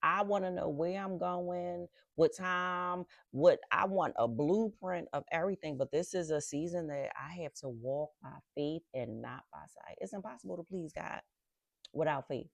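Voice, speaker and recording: A middle-aged woman from Philadelphia speaks in a low, gravelly voice as she hosts her podcast. She tells her story with animated repetitions, reflecting on faith and rest. The sound is dry and close, with no room echo. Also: normal speed. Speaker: podcast host.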